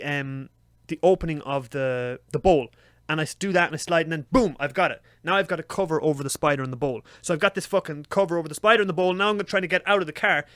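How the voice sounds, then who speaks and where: A young man telling a story on a podcast, swearing freely and acting out his own frantic shouts. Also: fairly high pitch, dry recording, studio quality. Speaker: podcast co-host. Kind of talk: casual storytelling chat.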